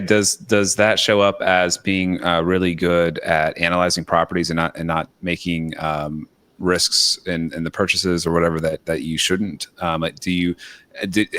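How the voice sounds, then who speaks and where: A man's voice: deep voice, a bit bright, no room sound. A man hosting a podcast, affirming his guest and asking loose, rambling questions full of fillers. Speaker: podcast host. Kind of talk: casual interview talk.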